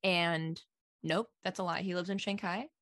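A young woman, a podcast guest, chatting casually and excitably with lots of fillers. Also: fairly low pitch, normal speed, no echo, studio quality.

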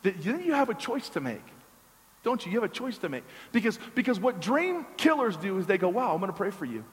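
A man delivers a sermon as a pastor, his voice sitting high for a man. He tells a story conversationally, slips in joking asides and often repeats words. A long reverb from a large hall trails his words. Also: very animated, brisk.

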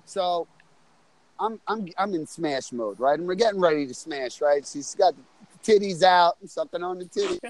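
A man's voice: high-pitched, expressive, moderate pace, no echo, low-quality recording. A man casually telling a crude story in a rambling, profane way, often checking in with "right?". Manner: rambling, profane, says "right?" and "you know what I'm saying" often. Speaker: storyteller on a group call. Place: on a loud street outside a bar.

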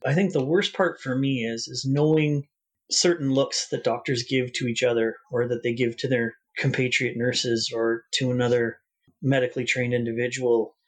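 A man speaks in a husky, breathy voice at a mid pitch. He tells his story earnestly and reflectively, pausing and restarting his phrases as he thinks. It sounds like a relaxed sit-down interview. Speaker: guest.

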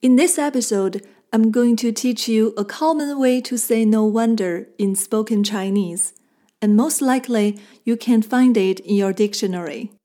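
Woman, language teacher, mellow warm tone, patient clear explaining, scripted lesson. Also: on the high side. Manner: clear, patient explaining with slow model phrases.

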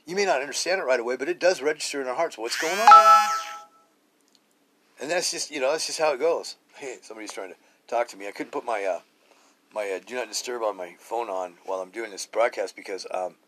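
A man's voice: medium pitch, fast talker, noisy background. Rambling middle-aged man on a phone mic. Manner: casual, profane, repetitive with many restarts. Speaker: podcast host. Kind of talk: rambling spiritual podcast monologue. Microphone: cheap phone.

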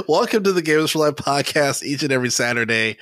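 A man's voice: on the high side, big pitch swings, brisk, a bit bright, dry recording. Laid-back male podcast host, dry sound. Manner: rambling, laughs often, many fillers. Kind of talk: casual chat.

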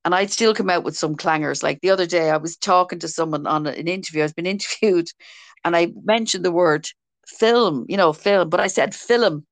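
A woman's voice: on the low side, brisk, few pauses, no echo. A woman from Dublin with a Dublin accent, co-hosting a podcast in easy casual chat. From Dublin, Ireland. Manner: chatty, laughs easily. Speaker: podcast co-host.

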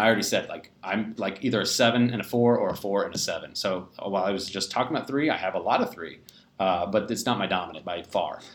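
A young adult man from the United States, explaining personality types in a rambling, self-deprecating way with many fillers and restarts. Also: medium pitch. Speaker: host of a live personality talk. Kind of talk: casual explanatory talk. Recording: roomy echo.

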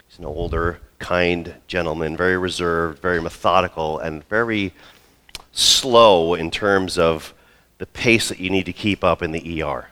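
A man in his role as pastor, preaching a sermon and telling a story with lively asides. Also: low voice. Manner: storytelling, acts out quoted voices.

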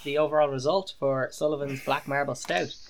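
A man's voice: on the high side, fairly even intonation, brisk. A man from Ireland hosting a podcast, joking wryly as he wraps up the episode. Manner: joking, wry. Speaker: podcast host. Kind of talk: casual chat.

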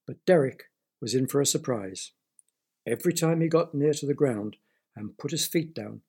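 A man's voice: medium pitch, expressive, normal speed, darkish tone, breathy edge. A man reading a children's story aloud, stopping to explain words to young listeners.

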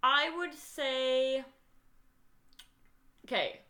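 A woman co-hosting a comedy podcast, joking in a deadpan way with lots of hesitant fillers. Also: sits high, drawn-out words. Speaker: podcast co-host. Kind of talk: casual comedy chat.

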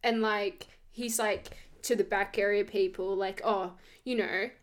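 A woman's voice: mid-range voice, measured pace. A young woman, telling stories in a casual chat and laughing often. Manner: animated storyteller, laughs often.

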